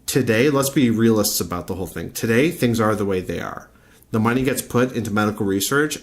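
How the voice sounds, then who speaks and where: A man from Canada delivering an opinionated video rant as a vlogger, blunt, profane and argumentative, often repeating his points. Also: lowish voice.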